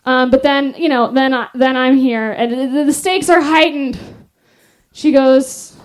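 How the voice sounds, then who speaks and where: Casting: a bright, high-pitched woman comic, animated, laughs through her own story on a live stage. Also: unhurried. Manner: animated, laughing often, self-deprecating. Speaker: stand-up comedian. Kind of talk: stand-up storytelling.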